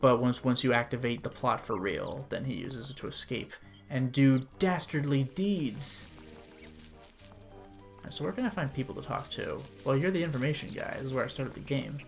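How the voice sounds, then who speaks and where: A man's voice: mid-range voice, normal speed, creaky, faint music behind. A man giving casual, rambling commentary while streaming a game, peppered with fillers. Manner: chatty and rambling, with frequent "like" fillers.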